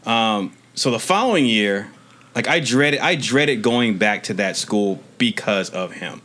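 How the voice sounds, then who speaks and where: A man's voice: lowish voice, animated, measured pace, fairly bright tone. Earnest man telling a rambling story. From Maryland, USA. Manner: earnest, rambling storyteller with frequent restarts and casual swearing. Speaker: podcast co-host. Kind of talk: casual podcast chat, personal storytelling.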